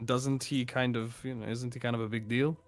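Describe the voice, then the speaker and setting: A man's voice: mid-range voice, little pitch movement, brisk, faint music behind. A man chatting casually as a player in a tabletop game, loose and rambling with many fillers.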